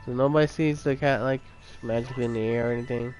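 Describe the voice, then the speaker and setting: Man musing quietly into a headset. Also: medium pitch, fairly even intonation, fast talker, soft background music. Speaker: gamer playing and voicing the dialogue. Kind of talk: casual commentary.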